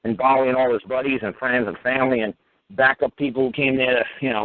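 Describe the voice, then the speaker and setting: A man's voice: medium pitch, fairly even intonation, fairly quick, dry recording. A man telling a story in casual talk, blunt and emphatic, swearing freely and stacking asides. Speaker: common-law teacher. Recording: phone-like narrow sound.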